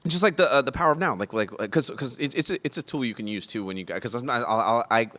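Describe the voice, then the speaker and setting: A man, a stand-up comedian and podcast guest, rambling casually and telling animated stories with frequent laughs, recorded indoors at a comedy club. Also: mid-range voice, fast talker, long reverb tail. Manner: rambling, animated storyteller who laughs often.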